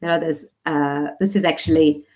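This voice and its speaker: A middle-aged Australian woman, a speech therapist, giving parents a clear, practical talk with the odd demonstration voice. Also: deep voice, fairly even intonation, moderate pace, a little mellow.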